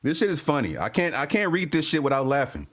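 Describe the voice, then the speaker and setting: A man's voice: a little high, sing-song, fast talker. A man giving a casual, profane sports-fan rant to camera, laughing and repeating himself as he goes.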